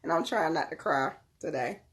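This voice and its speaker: A woman's voice: low voice, expressive, normal speed, a bit bright. A young woman hosting a casual live stream from home on her phone, chatting with viewers by name as she demonstrates her products. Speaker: live-stream host selling crystals and readings.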